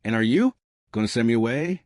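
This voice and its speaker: A man's voice: mid-range voice, lively intonation, a little fast, a little mellow, no room sound, natural voice. A frightened young woman, as a man reads her lines, asking anxious, pleading questions. The voice rises and falls a lot, and the sound is dry and close.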